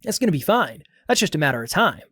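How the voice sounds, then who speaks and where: A man's voice: fairly high pitch, big pitch swings, fast talker, a bit bright, husky, no echo, studio quality. A man hosting a podcast, giving direct, motivational advice in a casual coaching talk with lots of repetition.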